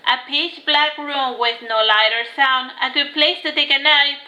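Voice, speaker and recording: A woman voicing a weary mother who speaks slowly and wryly, downplaying hardship. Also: high voice, fairly even intonation, pushed and bright, heavily acted, poor audio.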